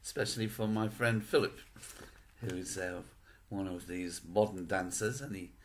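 A man's voice: sits low, fairly even intonation, a little slow. An older man chatting to camera at home in a meandering, self-deprecating way. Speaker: vlogger. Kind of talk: casual chat to camera.

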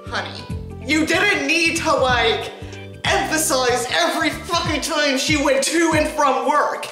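A woman's voice: sits high, a little slow, pushed and bright. A woman host giving exasperated, sarcastic, swear-filled commentary on a bad book. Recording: roomy echo with music behind. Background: background music.

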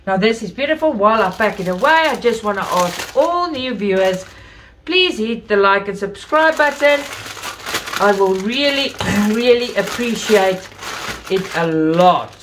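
A woman host chatting to viewers in an unboxing video, gushing with praise, still recovering from an illness with coughs and throat-clearing. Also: mid-range voice, animated, unhurried, noisy background. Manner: gushing, effusive about everything. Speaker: craft channel host. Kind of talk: casual unboxing chat to viewers.

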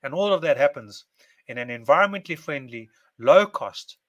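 A man's voice: a little high, animated, moderate pace, dull audio. A man giving a casual monologue to camera, speaking in repetitive, list-like phrases. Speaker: video presenter.

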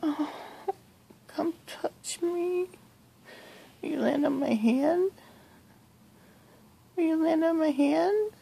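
A middle-aged woman talking softly in a bedroom at night, cooing affectionately and often half-whispering. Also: very high-pitched, drawn-out words, vocal fry, pauses often. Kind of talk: soft-spoken recorded monologue.

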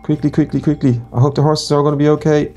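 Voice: medium pitch, level tone, fast talker, dark tone, highs cut off, faint music behind. A player voicing a character in a game role-play, talking urgently and encouragingly and repeating words while guiding a companion.

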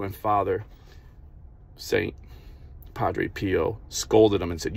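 A man's voice: fairly low pitch, a little slow, gravelly, long pauses. A man hosting a Catholic video, preaching earnestly and telling stories in plain everyday speech. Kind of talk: preaching to camera.

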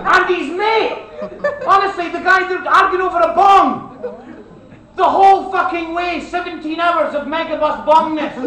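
A Scottish man doing a loud, sweary, rambling stand-up set on a club stage. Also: very high-pitched, normal speed. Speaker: stand-up comedian and compere. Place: comedy club stage, live audience. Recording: echoey live club recording from far off, loud crowd and noise. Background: audience laughter.

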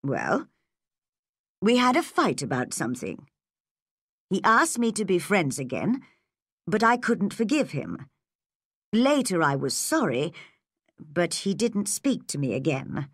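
A weary older farm woman, read by a woman narrator, slow and subdued in her storybook lines. The voice is close and dry, with lively shifts of pitch. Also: slightly rough, no room sound, heavily acted. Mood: reflective. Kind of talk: storybook reading.

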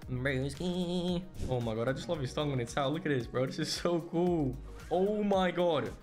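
A man in his twenties from Portugal, giving excitable, exclaiming, slang-filled commentary over his own gameplay. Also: on the high side, moderate pace, faint music behind. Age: 20s. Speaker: gaming creator.

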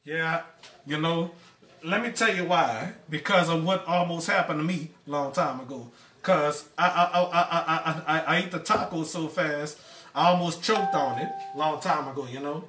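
A man's voice: a little high, normal speed, noisy background. A man hosting a home cooking live stream, rambling casually and stumbling over repeated words. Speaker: cooking show host. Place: home kitchen. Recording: echoey kitchen, far from the mic.

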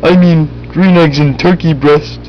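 High-voiced man, dull lo-fi sound. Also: fairly even intonation, measured pace, soft background music. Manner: dry, offhand jokester. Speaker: friend in a home-made comedy film. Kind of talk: amateur comedy acting.

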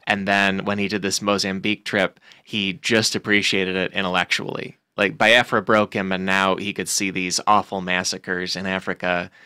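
A man's voice: low-pitched, flat delivery, normal speed, few pauses, bright, forceful tone, clear, resonant tone, no echo. A man co-hosting a comedy book podcast, eagerly summarizing chapters in casual chat. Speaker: podcast co-host.

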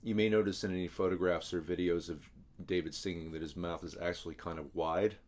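A baritone man teaching singers how to imitate a rock vocalist, talking in a casual, throaty way that swallows his words. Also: steady tone, fairly quick, a little mellow.

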